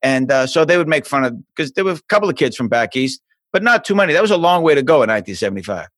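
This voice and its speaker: Racing through his stories, a Boston-accented man in his fifties from South Boston, USA, appears as a podcast guest in a casual remote interview. The TV host is an animated storyteller who leaps into a higher pitch, captured on a remote call mic with no room sound.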